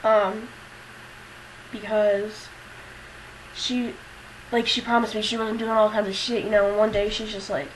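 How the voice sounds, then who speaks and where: A woman's voice: medium pitch, level tone, unhurried, pauses often, rough recording. Rambling young woman vlogging, faint hiss. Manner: rambling, profane, self-deprecating with many fillers. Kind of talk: casual confessional vlog.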